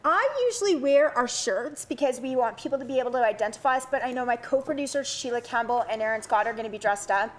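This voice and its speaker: Woman event producer, upbeat and eager, fairly high voice, rattling off details. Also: fast talker, few pauses, slight background noise. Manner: upbeat and eager, listing many details with frequent "um" and "like". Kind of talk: promotional interview.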